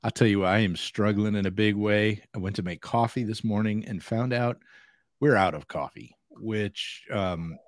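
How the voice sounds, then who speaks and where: A man's voice: on the low side, moderate pace, dry recording, clean studio sound. A man co-hosting a security podcast in an easygoing, self-deprecating chat who laughs often. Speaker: podcast co-host. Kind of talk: casual chat.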